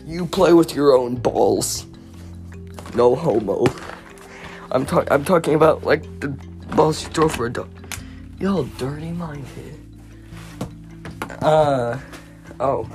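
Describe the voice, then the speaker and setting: A young woman with a low voice talks slowly through a rambling home podcast, stuttering and repeating herself. She mocks herself and swings from loud outbursts to mumbles. Faint music plays beneath her. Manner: self-mocking, jumps between loud outbursts and mumbling. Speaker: podcast host. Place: home recording studio room with her dog.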